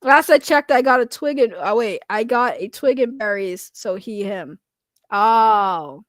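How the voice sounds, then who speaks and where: A woman's voice: a little high, expressive, measured pace, no room sound, clean studio sound. A woman hosting a livestream, chatting casually with her viewers. She swears freely, laughs a lot and slips into sarcastic, mock-innocent protests. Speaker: livestream host reacting to chat.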